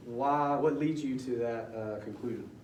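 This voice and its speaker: A man's voice: medium pitch, slow, darkish tone, slight background noise. Brief: man teaching a class, chatty and questioning, heard from across an echoey room. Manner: conversational, quizzes students with questions. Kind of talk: classroom lecture. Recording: roomy classroom audio from far off.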